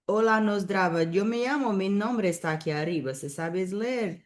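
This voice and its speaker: A woman's voice: medium pitch, a little fast, hardly any pauses. A woman fitness coach chatting casually on a livestream from home, rambling and greeting viewers by name, recorded through a laptop webcam. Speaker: fitness coach and bodybuilding competitor. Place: at home, with cats nearby. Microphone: laptop or webcam on a video call.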